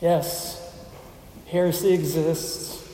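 A man preaching a sermon as a pastor, in measured phrases with deliberate pauses and emphatic lists. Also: fairly high pitch, little pitch movement, warm tone, a little hiss or hum. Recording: roomy hall reverb, mic at a distance.

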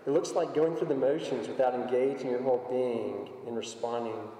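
A man's voice: medium pitch, steady tone, moderate pace, mellow. A man preaching a conversational sermon, telling everyday stories to make his point. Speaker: pastor. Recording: echoey hall, voice from far off.

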